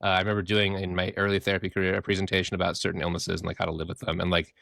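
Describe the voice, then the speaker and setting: Man, podcast co-host, playful, jokey, lowish voice, dry close sound. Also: flat delivery, very fast, creaky, fairly bright tone, no room sound. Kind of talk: casual chat.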